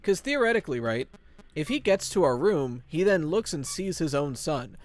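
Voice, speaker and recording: A young man live-streaming a horror game, chatting with viewers and telling groaner puns in an excitable, joking way. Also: a little high, slight background noise. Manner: excitable, quick yelps of frustration. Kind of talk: live-stream gameplay chat.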